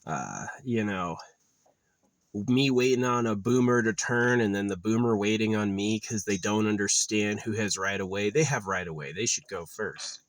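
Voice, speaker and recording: A man's voice: on the low side, moderate pace, no echo. A man vlogging in a casual, rambling rant, swearing often and sounding exasperated. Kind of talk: casual ranting monologue.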